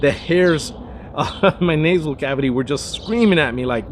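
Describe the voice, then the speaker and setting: A man hosts a casual cigar review, rambling chattily with lots of asides and restarts. His voice is on the high side and animated, at a moderate pace, with slight background noise.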